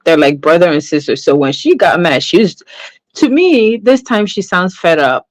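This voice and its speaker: A livestream gossip host with a lowish, very animated voice chats at a moderate pace about online drama, with no echo. She ends lines with "right?" and greets chat viewers in the middle of her stories.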